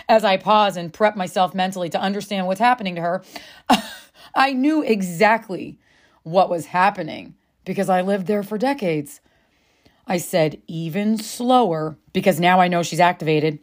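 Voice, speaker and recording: A woman's voice: mid-range voice, animated, unhurried. Woman in the middle of her range, casual self-help storytelling, swears a lot and calls you friend. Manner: chatty, confiding, swears freely, calls listener friend. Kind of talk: candid personal storytelling to camera.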